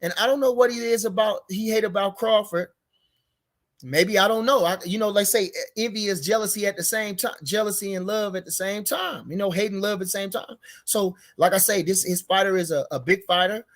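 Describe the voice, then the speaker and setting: A man with a high-pitched voice talks a little fast while hosting a boxing commentary show. His unscripted boxing talk rambles and repeats itself, and he gets heated and emphatic.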